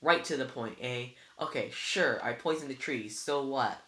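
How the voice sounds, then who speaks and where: A reader voicing a scornful young male villain who talks smoothly and taunts, in a read-aloud book. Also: mid-range voice, moderate pace, pushed and bright, close to an everyday voice. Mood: taunting. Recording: roomy echo.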